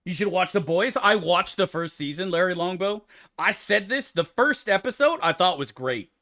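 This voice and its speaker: A man's voice: high voice, expressive, moderate pace, pushed and bright. A man streaming a game, answering his chat in loose, profane, rambling banter. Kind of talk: casual livestream chat, answering chat.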